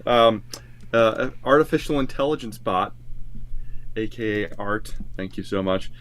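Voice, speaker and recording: A man's voice: lowish voice, a little slow, fairly bright tone. A man co-hosting a casual music reaction show as songwriter, talking in loose, rambling sentences full of filler words. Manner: rambling, full of "like" and "you know". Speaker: songwriter and co-host.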